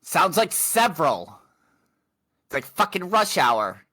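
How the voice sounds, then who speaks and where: Slow, bright-voiced tabletop player. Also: medium pitch, big pitch swings, dry recording. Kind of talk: narrating a tabletop game.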